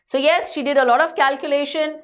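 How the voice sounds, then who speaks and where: A woman's voice: sits high, fairly even intonation, a little fast. A woman, teaching a school chapter in an explanatory way. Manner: explanatory, frequent "you know". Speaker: English teacher.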